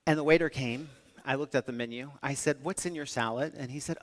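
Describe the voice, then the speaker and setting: A fairly high-voiced American man telling funny stories at a conference, acting out the other voices as he goes. His talk carries a long reverb from the hall. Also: a little fast. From United States. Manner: animated storytelling, acts out voices. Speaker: keynote speaker.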